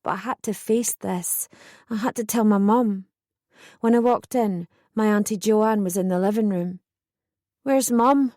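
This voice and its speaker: A woman reading a first-person audiobook in measured, steady scripted narration. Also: medium pitch, no echo, studio quality.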